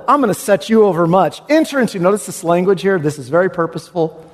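A man preaching an expository sermon, animated, swinging from hushed tones to exclamation. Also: high-pitched, fast talker. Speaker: pastor. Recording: reverberant hall.

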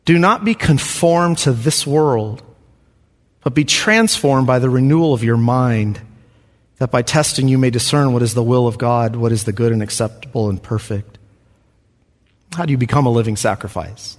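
Preaching man in a reverberant hall. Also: medium pitch. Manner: earnest, preacherly, repeats questions for emphasis. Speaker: pastor. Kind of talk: sermon.

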